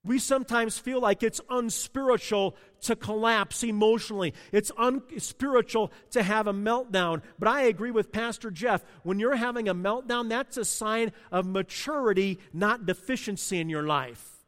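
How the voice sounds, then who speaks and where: A man with a notably high voice preaches from the pulpit. He talks with passion, sinking low and quiet before surging loud. His words ring out with a long church-hall reverb. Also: normal speed. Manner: passionate, swings from hushed to loud. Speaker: pastor. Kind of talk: sermon.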